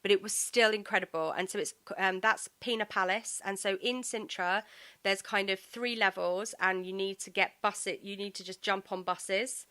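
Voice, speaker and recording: A woman hosting a podcast chats with an eager, storytelling manner. Her voice is bright and forward, and it sits in a middle pitch for a woman. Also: steady tone, normal speed. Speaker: podcast host. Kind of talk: casual chat.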